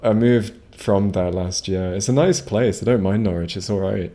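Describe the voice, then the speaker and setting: A man on a live game stream with a fairly low voice. He rambles casually and swears freely, chatting with his viewers between moves. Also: normal speed, mellow. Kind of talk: casual live gameplay commentary.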